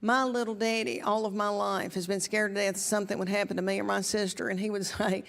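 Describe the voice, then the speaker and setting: This middle-aged East Tennessee comedian, with her Southern accent, spins chatty stand-up stories that poke fun at herself in a slow, folksy drawl. Her voice is mid-range with little pitch movement. She performs on a big theater stage, and the audio carries long hall reverb and plainly audible audience sound.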